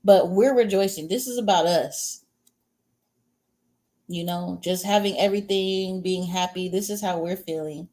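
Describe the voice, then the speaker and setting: A woman with a slightly low voice runs a loose, chatty tarot reading for a live audience. She rambles from card to card, greets viewers by name, answers their comments, and speaks bluntly, with the odd crude word and a chuckle. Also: measured pace, mellow. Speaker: tarot reader. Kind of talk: casual livestream tarot reading.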